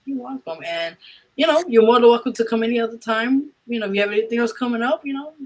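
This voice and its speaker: A woman hosts a radio interview show, chatting casually and thanking her guest warmly and effusively with frequent fillers. Her voice is fairly high and expressive, she talks fast, and the recording is rough.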